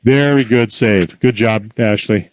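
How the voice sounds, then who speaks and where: A man giving calm, encouraging instructions in an outdoor horse corral, mixing in folksy stories. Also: lowish voice, unhurried, no echo, low-quality recording. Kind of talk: outdoor coaching with anecdotes.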